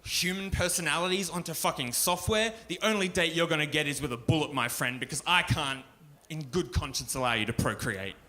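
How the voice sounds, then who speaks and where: A man's voice: a little high, brisk, hardly any pauses, pushed and bright, slight background noise. A man doing a crude, ranting stand-up routine at a pub show, swearing freely. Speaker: stand-up comedian. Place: pub stage, live show.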